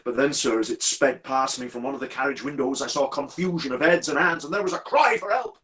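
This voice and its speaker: A haunted railway signalman, deferential and halting, his words stumbling as he pleads with his listener, as a man puts him on. He speaks at an ordinary middle pitch, with the hushed, strained manner of someone whose mind has no rest. A storyteller's performed telling. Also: close to an everyday voice. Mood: grieving, hushed. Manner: deferential, halting, repeats "sir" constantly. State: distressed and troubled.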